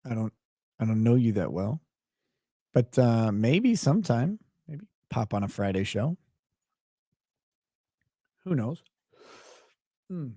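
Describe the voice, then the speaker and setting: A man hosting a casual live stream, talking in a rambling, halting way with wry asides. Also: mid-range voice, animated, warm tone, breathy edge, no echo, clean studio sound. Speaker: livestream host and lawyer. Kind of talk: casual livestream chat.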